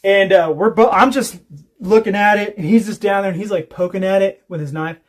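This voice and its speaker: Brisk and high-voiced, the man runs a casual homestead livestream. He rambles through profane stories while chatting, breaking into laughter as he goes.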